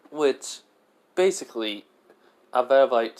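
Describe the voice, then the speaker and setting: A man's voice: lowish voice, moderate pace. A man telling an improvised fan story in a rambling way, full of fillers and self-corrections. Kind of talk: improvised fan-fiction narration.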